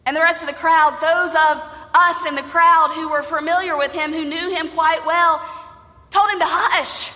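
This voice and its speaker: Bright-voiced woman preaching a sermon. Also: very high-pitched, little pitch movement, moderate pace, few pauses, in a large hall. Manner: storytelling, acting out voices in the tale. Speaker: pastor.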